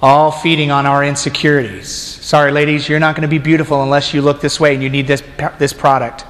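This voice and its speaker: A man's voice: a little high, flat delivery, fairly quick, a bit bright. A man preaching a sermon casually, joking with the congregation and talking to them directly. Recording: long hall reverb.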